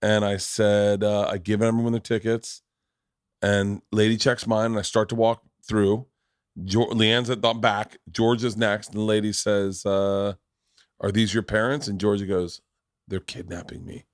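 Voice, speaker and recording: A man in his forties hosts a podcast, swapping family stories in casual chat. He swears freely and acts out his relatives with animated energy. His voice is fairly low, unhurried, clear and resonant, recorded at studio quality with no echo.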